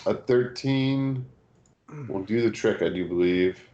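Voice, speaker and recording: Game master, male, very low voice, slow and halting narration. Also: warm tone, lo-fi sound. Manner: unhurried, hesitant with many fillers.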